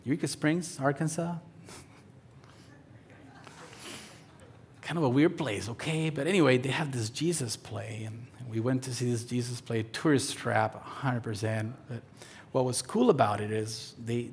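A man in his thirties preaching a sermon as pastor, telling stories and acting out the voices in them, sometimes dropping to a soft near-whisper. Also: medium pitch, measured pace, a little hiss or hum. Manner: storytelling, acts out voices in quotes, drops to soft near-whisper.

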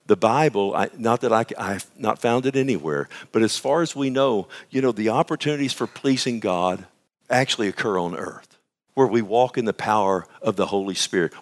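A male pastor giving a radio sermon, fervent and emphatic, often turning to his listeners with "amen?" and "listen". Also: lowish voice.

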